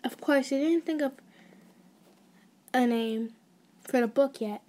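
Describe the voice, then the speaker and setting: Mellow woman telling an ASMR story. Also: high-pitched, slow. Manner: casual, with restarts and side notes.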